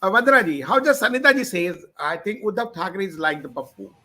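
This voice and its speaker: A man's voice: sits high, big pitch swings, fast, bright, forceful tone. A man hosting a political panel, speaking in broken phrases and calling on guests by name. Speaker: host and moderator.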